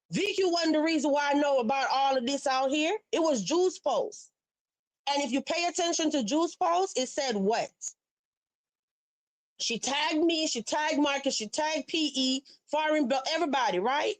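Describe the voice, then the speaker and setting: A woman's voice: sits high, no echo, low-quality recording. Lady hosting a live, fired up and emphatic, talking right to chat. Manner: fiery, emphatic, talks straight to viewers. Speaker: livestream host. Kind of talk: heated livestream commentary.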